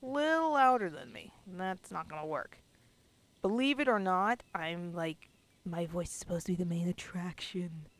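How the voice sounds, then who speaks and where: A woman hosting a let's play, chatting casually in an animated way about the game. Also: lowish voice, normal speed. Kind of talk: casual gameplay commentary.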